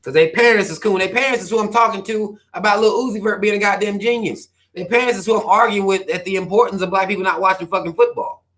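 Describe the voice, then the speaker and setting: A man's voice: high voice, fairly even intonation, quick pace, hardly any pauses, a bit bright. A man hosting a livestream, reading viewer comments aloud and ranting at them in a profane, preachy way, firing questions at his listeners. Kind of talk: livestream rant.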